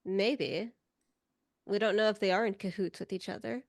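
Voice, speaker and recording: A woman's voice: mid-range voice, steady tone, moderate pace, no room sound, clean studio sound. A woman playing a tabletop role-playing game, talking in a coy, evasive way. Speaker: player. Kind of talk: in-character tabletop play.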